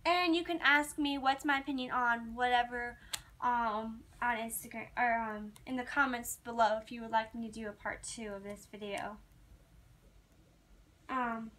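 A young woman vlogging in a casual, rambling way, chatting excitedly to her viewers as a fan. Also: fairly high pitch, moderate pace. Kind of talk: casual chat to camera.

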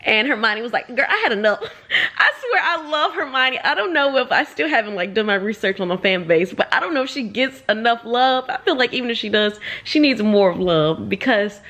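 Brief: young woman, book vlogger, hyped and slangy, laughs a lot, slightly high voice. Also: lively intonation, moderate pace, bright, forceful tone. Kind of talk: casual reaction chat. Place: public place.

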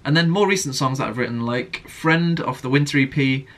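A man's voice: medium pitch, brisk, fairly bright tone. A young man in a casual vlog Q&A, earnestly answering viewer questions about writing worship songs. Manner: earnest, sings example lines himself.

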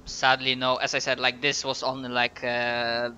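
A man's voice: mid-range voice, monotone, moderate pace, pushed and bright, clear, resonant tone, lo-fi sound. A man running a tabletop game as game master, narrating with hesitant fillers and self-corrections.

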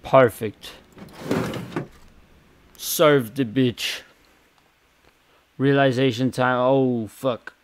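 A young man giving casual, chaotic gameplay commentary, muttering and swearing, with sudden loud outbursts. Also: mid-range voice, steady tone, drawn-out words, pauses often, smooth.

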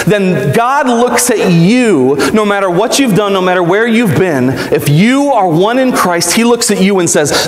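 A young pastor with a high-pitched, animated voice preaches a live sermon in a church sanctuary, the sound roomy as in a large hall. Unhurried with few pauses, he's conversational and joking, putting questions to the congregation.

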